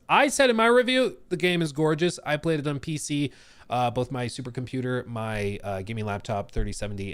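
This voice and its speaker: A young man hosting a live stream, chatting casually and joking with his chat in an animated way. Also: medium pitch, no room sound. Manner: animated, jokey, reacting to chat. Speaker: streamer host.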